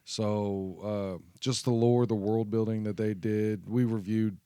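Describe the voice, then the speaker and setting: A man co-hosting a casual movie podcast, speaking earnestly and in a measured way about films that mean a lot to him. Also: fairly low pitch, fairly even intonation, warm tone, clear, resonant tone, no echo, clean studio sound. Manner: earnest and measured, with fillers and restarts. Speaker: podcast co-host. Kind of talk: casual movie ranking chat.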